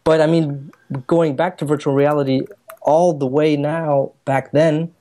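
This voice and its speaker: A man from Germany co-hosting a podcast in casual chat, chatty and quick to laugh, sometimes putting on voices to make a point. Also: a little high, flat delivery, warm tone. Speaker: podcast co-host.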